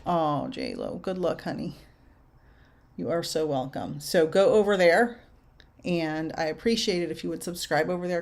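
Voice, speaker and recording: On a livestream, an older medium offers readings and responds to viewers' questions. Her low-pitched voice moves at a slow, musing pace, punctuated by soft laughter.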